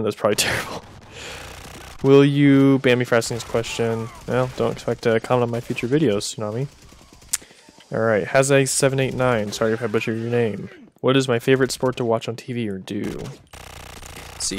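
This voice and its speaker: Young man, casual viewer Q&A, mid-pitched voice, laid-back jokey delivery. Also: brisk, a little hiss or hum. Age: young adult. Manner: relaxed, chatty, joking asides. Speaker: gaming video creator. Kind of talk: casual Q&A answering viewer questions.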